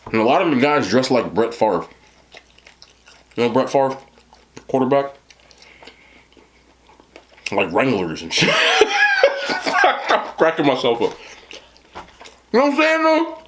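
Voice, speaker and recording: A man's voice: medium pitch, wildly swooping pitch, moderate pace, long pauses, slight background noise. A man in his thirties with a New Jersey accent, telling a rambling story to camera on his eating show and laughing often. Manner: rambling, laughing, lots of "you know what I'm talking about". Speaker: mukbang host.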